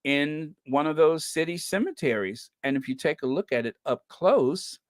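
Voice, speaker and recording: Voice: mid-range voice, moderate pace, no echo, clean studio sound. A host from the United States chatting casually on a livestream, giggling at their own jokes and thanking viewers.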